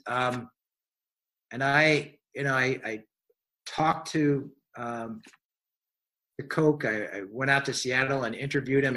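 A man's voice: medium pitch, a bit bright. A man, a science writer, answering interview questions in a thoughtful, rambling way with frequent restarts.

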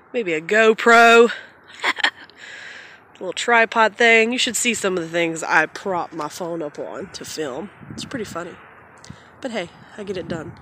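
A woman's voice: medium pitch, sharp tone, slight background noise. A tired woman vlogging casually at home on her phone, rambling and chatty, with frequent laughs. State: tired from little sleep. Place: at home and in the backyard. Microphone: phone camera.

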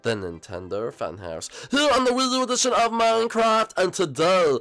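A man's voice: big pitch swings, moderate pace, fairly bright tone, faint music behind, full character voice. A young man voicing Bowser Junior, a cheerful boy prince, in a Minecraft role-play, whooping now and then. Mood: cheery. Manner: upbeat, bursting into high whoops.

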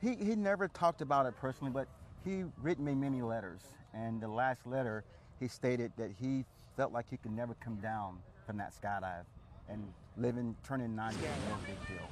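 A man's voice: medium pitch, fairly quick, slight background noise. Earnest retired army man guest. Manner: earnest, short answers.

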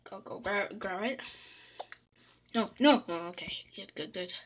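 A woman's voice: medium pitch, unhurried, a little hiss or hum. A woman talking casually over her own gameplay, chatty, dropping into whispers and breaking into panicked squeals. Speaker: gaming channel host.

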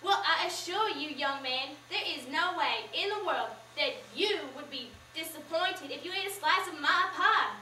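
A woman's voice: very high-pitched, moderate pace. A young woman voicing a proud, pushy mother who bakes pies, talking emphatically, recorded from far off in an echoey room. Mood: insistent. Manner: insistent and emphatic, rising loud.

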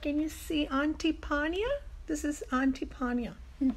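A woman childcare educator reading a picture book aloud to young children, pausing to explain words. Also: sits high.

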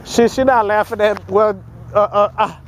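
A woman films herself outdoors on a handheld camera, tripping over repeated words and groaning at her own efforts in a self-mocking way. Her voice sits at a middle pitch, and faint noise runs behind her. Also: fairly even intonation, normal speed. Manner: stammering, repeats words in bursts; self-mocking, groaning and calling for help while straining. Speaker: vlogger filming herself. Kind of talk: casual vlog chat. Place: outdoors at an exercise area with equipment.

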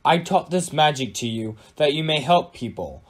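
A man's voice: on the high side, animated, normal speed, voice pushed up. A man reading a storybook aloud, voicing an old male wizard who speaks in a grave, declaiming way. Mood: solemn. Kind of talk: amateur audiobook reading.

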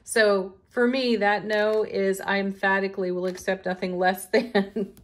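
A middle-aged woman giving a daily tarot reading in a gentle, spiritual way, laughing often. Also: medium pitch, level tone, measured pace. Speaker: tarot reader.

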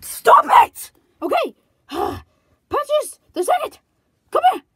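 A female voice playing a loud, frantic toy character who keeps shouting about New York. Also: very animated, unhurried, no room sound, studio quality. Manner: shouting, frantic, high-pitched. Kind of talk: toy play-acting.

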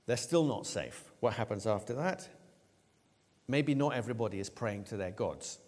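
A man preaching a sermon, retelling a story with lively, acted-out voices for the characters. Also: lowish voice, normal speed. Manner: animated storytelling, acting out quoted lines. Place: church. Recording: long church reverb.

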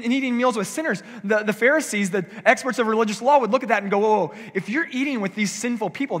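A man with a high-pitched, fairly bright, slightly rough voice is heard in a large hall. He's a pastor delivering a conversational sermon in a church sanctuary, acting out the voices of what people might say.

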